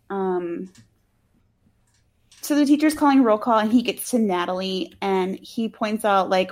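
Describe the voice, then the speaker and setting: Unhurried and pausing often, a woman with a slightly high, darkish voice co-hosts a casual talk show podcast. She recaps a movie with sarcastic chatter, plenty of fillers and an occasional swear.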